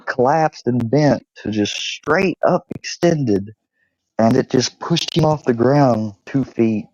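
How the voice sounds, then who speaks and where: A man's voice: mid-range voice, mellow, no room sound, dull audio. A man hosting his channel, telling stories about his dog in a casual, swearing way and slipping into baby talk with the dog. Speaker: channel host. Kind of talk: casual storytelling to camera.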